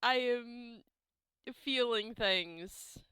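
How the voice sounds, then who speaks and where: High bright lady player, talks super slow, laughy and emotional. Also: smooth, no room sound, clean studio sound. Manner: emotional, laughing, drawn-out reactions. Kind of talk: tabletop role-play chat.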